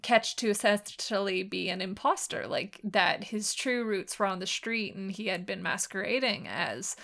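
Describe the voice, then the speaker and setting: Podcast co-host, woman, gravelly vocal fry, animated storyteller. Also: medium pitch, moderate pace. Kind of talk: casual chat.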